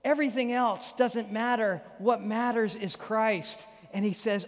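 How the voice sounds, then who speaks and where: A man's voice: sits high, a little slow. A male pastor preaching a sermon on a Sunday morning, emphatic and rhythmic, building through repeated phrases. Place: church sanctuary. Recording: long hall reverb.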